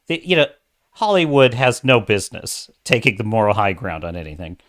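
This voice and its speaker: A man's voice: fairly low pitch, big pitch swings, brisk, a bit bright. A middle-aged man hosting a livestream, giving opinionated, ranting commentary and reading viewer chat aloud. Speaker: livestream host.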